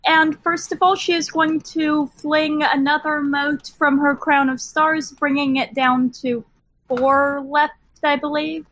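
A woman's voice: sits high, flat delivery, takes it slowly, fairly bright tone, no echo, poor audio. A woman playing a tabletop game, speaking with careful, precise phrasing. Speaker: player. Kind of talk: casual tabletop game play.

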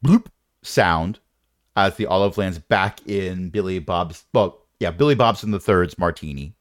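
A man's voice: sits low, a little slow, no echo, clean studio sound. A man narrating as game master in a tabletop game, wry and rambling with playful jokes.

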